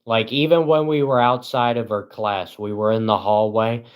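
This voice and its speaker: A man's voice: fairly low pitch, steady tone, moderate pace, muffled recording. Rambling, giggly male live streamer. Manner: rambling, self-deprecating, giggly. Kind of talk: casual live-stream chat.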